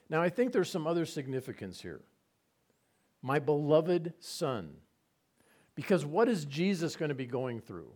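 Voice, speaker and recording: A man giving a conversational Bible teaching, relaxed and asking his listeners rhetorical questions. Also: a little high, measured pace.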